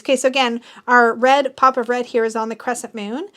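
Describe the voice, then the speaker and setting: A bubbly woman with a slightly high voice who talks through a tarot deck unboxing. She gushes as she goes, breaking into gasps and little squeals of delight. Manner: gushing, excitable, with gasps and quick squeals. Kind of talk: casual unboxing chat.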